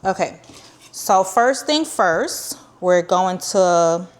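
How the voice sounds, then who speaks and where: A woman's voice: on the low side, animated, extremely slow. A woman hosting a casual cooking tutorial, chatty and rambling, with many ums and restarts and a few dry, sarcastic asides. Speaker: cooking channel host.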